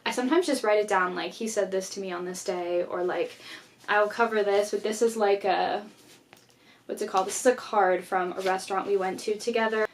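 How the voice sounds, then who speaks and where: A woman's voice: mid-range voice, steady tone, a little fast, a little hiss or hum. Young female vlogger, chatty casual talk, filler-heavy, conversational delivery. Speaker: YouTuber. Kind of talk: casual journaling vlog chat.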